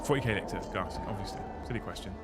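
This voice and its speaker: A young man hosts a casual live stream, thanking viewers, joking, swearing and laughing often. His voice is on the low side and races along, with loud music behind it.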